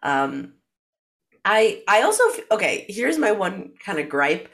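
A woman's voice: medium pitch, big pitch swings, measured pace, a bit bright. A young woman co-hosting a podcast in casual chat, playful and rambling. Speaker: podcast co-host.

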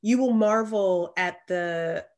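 A woman from Alabama with a Southern accent, co-hosting a podcast in animated, emphatic casual chat. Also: fairly low pitch, slow. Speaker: podcast co-host.

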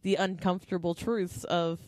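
A woman's voice: lowish voice, flat delivery, normal speed, a little mellow, no room sound, clean studio sound. A woman co-hosting a podcast in casual chat, candid and laughing often, swearing freely. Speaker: podcast co-host.

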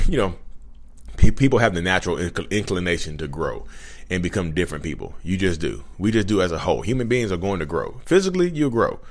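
A man hosting his own channel, talking casually to viewers, chatty with frequent restarts. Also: low-pitched. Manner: restarts often, chatty, addresses viewers as y'all. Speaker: podcast host. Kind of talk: casual talk to camera.

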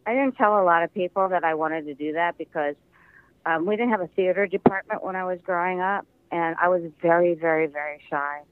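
A man's voice: high-pitched, fairly quick, clean tone. An older man, an actor from the American Midwest, chatting as a guest in a phone interview and telling stories with frequent laughter. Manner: chatty storyteller, laughs often. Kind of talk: casual interview over the phone. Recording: tinny phone line, dry.

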